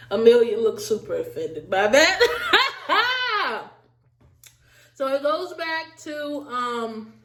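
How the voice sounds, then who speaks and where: A woman giving a casual, animated recap of a reality show, talking straight to her viewers with a sassy edge. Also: on the high side, reverberant. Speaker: recap vlogger.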